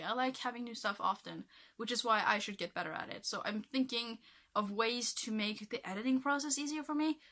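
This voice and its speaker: Talking to camera in a loose, meandering vlog, a young Norwegian woman peppers her speech with "like" and "um". Her voice is medium in pitch with a sharp tone.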